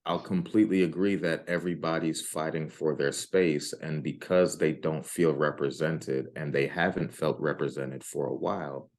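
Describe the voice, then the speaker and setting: A man's voice: extremely low pitch, fairly even intonation, moderate pace, hardly any pauses, a little mellow. A man talking through ideas in a casual podcast discussion, thoughtful and full of restarts. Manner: thoughtful, restarts often, rising when emphatic.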